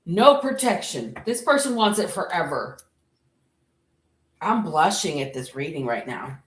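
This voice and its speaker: A woman's voice: lowish voice, sing-song, measured pace. A woman with an American accent giving a casual tarot reading, candid and laughing easily, swearing freely. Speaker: tarot reader. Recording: roomy echo.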